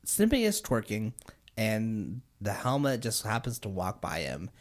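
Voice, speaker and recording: A woman co-hosting a podcast in casual chat, expressive and recounting scenes. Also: extremely low pitch, unhurried. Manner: expressive, swings into voices for quotes. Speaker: podcast co-host.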